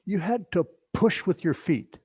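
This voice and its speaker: A middle-aged man leading a yoga workshop, giving instructions in a relaxed, chatty way with joking asides. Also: high-pitched, unhurried, husky, no echo, lo-fi sound. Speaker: yoga teacher.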